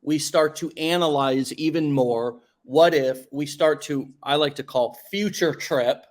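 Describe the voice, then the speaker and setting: A man hosting an interview podcast, talking in a casual coaching way and stretching out words for emphasis. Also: on the high side. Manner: coaching, drawn-out emphatic phrases. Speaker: podcast host.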